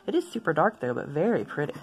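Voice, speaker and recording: A woman chatting casually as she swatches inks for her video, rambling into asides and gently poking fun at herself. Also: low-pitched, sing-song, fast talker, breathy edge. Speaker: stationery vlogger.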